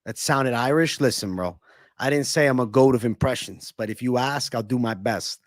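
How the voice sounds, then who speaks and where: A man's voice: mid-range voice, no room sound, studio quality. A young man with a Northeastern American accent hosting a casual livestream Q&A, swearing freely as he banters with chat. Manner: casual, profane, banters with chat between quick celebrity impressions. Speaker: livestream host.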